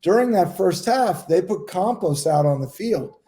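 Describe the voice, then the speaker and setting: A middle-aged man co-hosting a casual round-table podcast, telling relaxed anecdotes. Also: sits high, normal speed. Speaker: podcast co-host, former goalkeeper.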